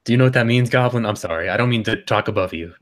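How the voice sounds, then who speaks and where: A man's voice: fairly low pitch, racing. A man playing a tabletop game, talking politely and apologetically. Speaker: player. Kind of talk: casual tabletop play.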